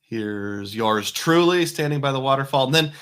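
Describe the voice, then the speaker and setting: Dad doing a voiceover on his vacation pics, folksy and rambly, kinda bright sharp tone. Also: mid-range voice, lively intonation, normal speed, smooth. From United States. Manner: chatty, folksy, self-correcting asides. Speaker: family travel vlogger. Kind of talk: casual voice-over narration of travel photos.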